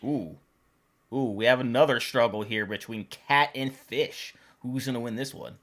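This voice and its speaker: A woman's voice: extremely low pitch, moderate pace, faint music behind. A woman hosting a reaction video, exclaiming, cooing and laughing as she comments on funny animal clips. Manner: laughs often.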